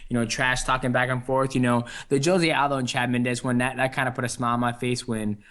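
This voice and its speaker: A man's voice: mid-range voice, level tone, brisk, fairly bright tone. A young adult man answering interview questions in an easygoing way, with many fillers and restarts. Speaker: interview guest, fighter. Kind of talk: casual phone interview.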